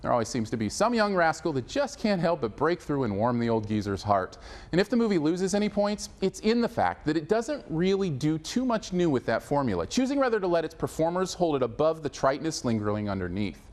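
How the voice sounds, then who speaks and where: A man hosting a scripted movie review, wry and upbeat in delivery. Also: brisk. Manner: lively, wry delivery with big pitch swings.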